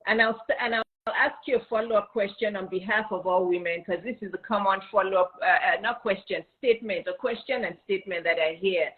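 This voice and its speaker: Woman, interview host, animated, middle pitch, tinny phone-like sound. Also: fairly quick, hardly any pauses. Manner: animated, laughs easily. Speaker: host and business coach. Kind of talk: casual interview hosting.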